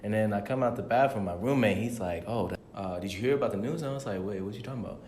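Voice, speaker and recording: A man's voice: fairly low pitch, rapid-fire, darkish tone, roomy sound, slight background noise. A young man co-hosting a podcast, telling a story in a laid-back, slangy way. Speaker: podcast co-host. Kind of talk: casual chat.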